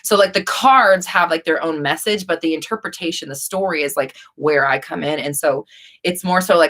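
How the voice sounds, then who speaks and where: Young woman, live-stream host, casual chat, rambling with fillers and restarts, slightly lower pitch. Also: a little fast, a bit bright.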